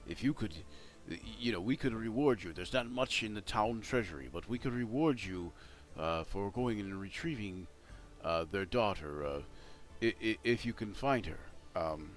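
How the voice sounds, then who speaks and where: A man narrating as game master of a tabletop game, talking in halting starts with many fillers, with faint music behind. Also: lowish voice, expressive.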